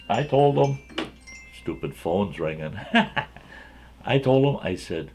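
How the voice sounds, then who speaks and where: A man's voice: mid-range voice, animated, slow, long pauses. A man hosting his own channel, telling a folksy, rambling story from his younger days and often chuckling as he goes.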